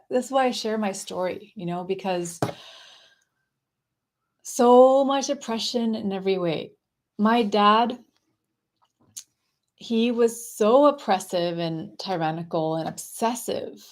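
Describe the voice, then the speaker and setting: A woman coaching viewers on a casual live stream, talking in a soft, dreamy and effusive way. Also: medium pitch. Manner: gushing, affectionate and effusive; soft, dreamy spiritual phrasing.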